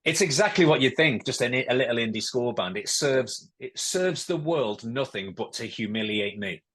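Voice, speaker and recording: A man's voice: medium pitch, expressive, normal speed, a bit bright, breathy edge. A man from England, a former footballer guesting on a podcast, telling rambling anecdotes in casual chat.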